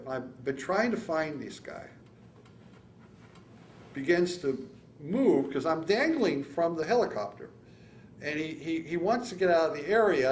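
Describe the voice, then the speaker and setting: A man in his seventies from San Francisco, telling his war story in an oral history interview, with halting restarts and acted-out quotes. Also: a little high, echoey room, a little hiss or hum. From San Francisco, California. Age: 70s. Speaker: veteran interviewee.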